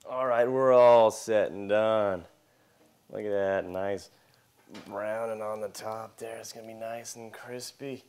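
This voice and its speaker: A man's voice: lowish voice, fairly even intonation, slow, darkish tone. A young man hosting a casual cooking video in a home kitchen, chatting viewers through each step.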